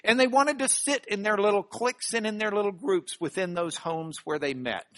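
A Bible teacher giving a sermon-style lesson, who repeats key phrases for emphasis, reads scripture slowly and deliberately, and asks the audience questions directly. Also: medium pitch, no room sound.

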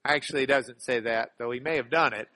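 A man preaching a sermon in church, lively and humorous, acting out the Bible passages he quotes. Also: medium pitch, fast talker. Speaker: pastor.

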